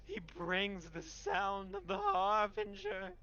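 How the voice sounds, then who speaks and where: A man's voice: very high-pitched, wildly swooping pitch, takes it slowly, creaky, sharp tone, dull audio, pitched above the performer's own voice, full character voice. A man voicing a frantic, giggling male hyena-man cultist who shrieks and repeats himself in a tabletop game. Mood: ecstatic, zealous.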